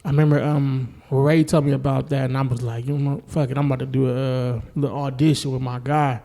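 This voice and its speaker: A podcast host, a man, keeps things laid-back and gives out shout-outs. His questions come out hesitant and full of fillers, in a mellow, dark voice. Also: mid-range voice, level tone, a little fast, vocal fry. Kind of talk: casual interview chat.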